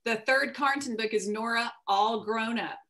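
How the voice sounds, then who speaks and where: A woman novelist, a guest on a video call, telling stories in a casual, animated way with many restarts. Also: fairly high pitch, moderate pace. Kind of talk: casual conversational interview.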